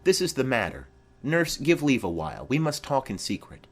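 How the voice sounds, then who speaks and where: A man's voice: medium pitch, huge pitch swings, normal speed, pitched above the performer's own voice. A man voicing a formal, commanding noblewoman mother in a dramatic reading of a play.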